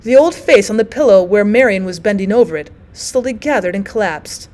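A woman teacher reading a short story aloud in an expressive audiobook narration. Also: medium pitch, brisk.

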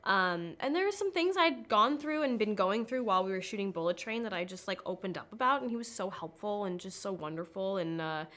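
A woman's voice: mid-range voice, expressive, brisk, few pauses, a bit bright. A young American woman from California chatting in a press interview, full of "like" and "um". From California, USA. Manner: chatty, filler-heavy with frequent "like" and "um". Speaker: interviewed actress.

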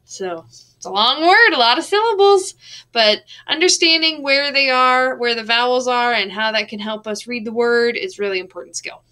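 A woman teacher giving a recorded lesson, patient and drawing out words slowly to count out their beats. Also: fairly high pitch, bright, forceful tone.

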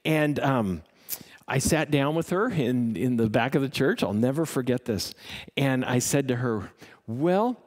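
A male pastor delivers his sermon in an emphatic storytelling manner. His voice sits at an average pitch. He leans on words for effect and ends with a softer, quieter prayer. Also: a little slow, in a large hall.

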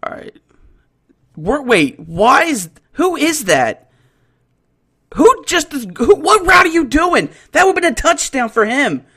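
A young man giving excited, animated commentary while playing a football video game. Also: extremely high pitch, takes it slowly, long pauses. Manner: animated, shouts and laughs at plays. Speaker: gaming channel host.

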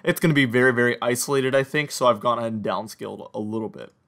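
A man's voice: quick pace, gravelly. A young man with a slight Southern American accent giving a chatty, upbeat weather forecast, walking viewers through radar maps. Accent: slight Southern or Mid-Atlantic American. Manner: upbeat, chatty, talks straight to viewers with lively pitch jumps.

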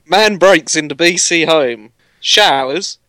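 A man co-hosting a podcast, blunt and deadpan, swearing casually as he chats. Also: a little high, takes it slowly, no room sound. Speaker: podcast co-host. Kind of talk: casual chat.

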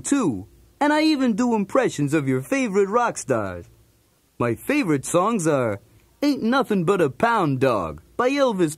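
Cooler, a wisecracking cartoon dog. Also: male voice, high-pitched, slightly rough, no room sound, exaggerated voice. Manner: jokey, streetwise, punning. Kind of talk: storybook cassette narration.

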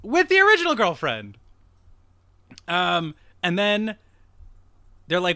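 A man's voice: high voice, wildly swooping pitch, measured pace, long pauses, bright, forceful tone, smooth, dry recording. A man hosting a podcast, rambling through a casual movie recap, swearing, laughing at himself and acting out lines from the plot. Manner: rambling, profane, laughs at himself, acts out quotes. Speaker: podcast host.

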